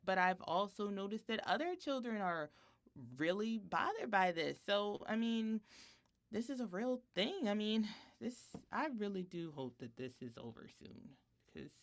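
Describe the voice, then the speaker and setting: Animated woman telling a story, lively pitch. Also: unhurried. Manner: animated storytelling, acting out her son's and her own lines; laughs often between sentences. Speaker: podcast co-host. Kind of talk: casual chat.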